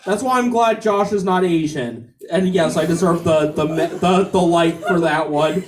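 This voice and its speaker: A male stand-up comedian on a club stage, delivering jokes haltingly with many repeated ums and restarts. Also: fairly high pitch, recorded from a distance, slight background noise.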